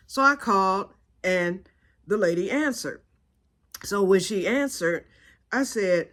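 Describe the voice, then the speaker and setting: A woman's voice: medium pitch, a little slow, a bit bright. Chatty woman vlogger saying y'all. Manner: chatty, laughing, addresses viewers as y'all. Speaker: channel host. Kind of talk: casual storytelling vlog.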